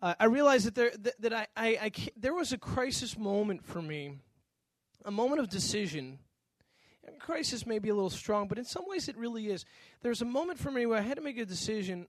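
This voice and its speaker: A man with a notably high voice preaches, spinning a personal story with animated acted-out lines. The sound is dry and close, with no room echo. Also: a little fast. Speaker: pastor.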